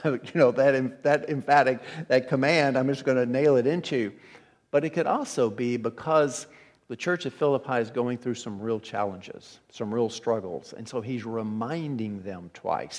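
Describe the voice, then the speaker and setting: Male pastor, relaxed sermon, middle pitch, restarts words, church hall reverb. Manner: conversational, repeats words when restarting.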